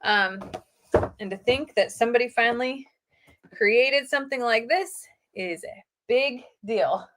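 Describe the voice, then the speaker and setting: A middle-aged woman hosting a casual live stream, chatting excitedly with her viewers. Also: fairly high pitch, a little slow, a little hiss or hum.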